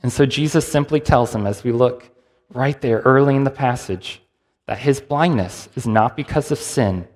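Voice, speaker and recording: A man's voice: mid-range voice, normal speed. A man preaching a sermon in a conversational, storytelling way, acting out the people in the passage as he goes. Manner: conversational, lively storytelling with acted-out quotes. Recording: long hall reverb.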